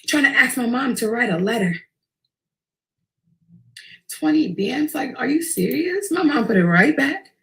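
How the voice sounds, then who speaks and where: Gravelly young New woman. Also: sits high. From Queens, New York. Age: early 20s. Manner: profane, intense, animated retelling. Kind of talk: emotional personal storytelling.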